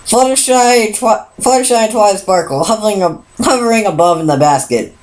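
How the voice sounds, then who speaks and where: A woman's voice: medium pitch, fairly quick, darkish tone, low-quality recording. A woman reading a pony fan story aloud, unpolished, stumbling and restarting often. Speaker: fan fiction reader.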